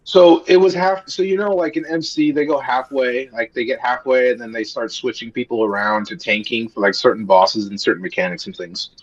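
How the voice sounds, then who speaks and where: A man's voice: medium pitch, fairly even intonation, brisk, few pauses, highs cut off. A man explaining things in a laid-back, casual gaming chat. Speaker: podcast guest, fellow player.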